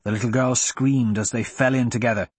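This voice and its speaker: A man narrating a fantasy audiobook in an expressive storytelling manner. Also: medium pitch, brisk, breathy edge, dry recording.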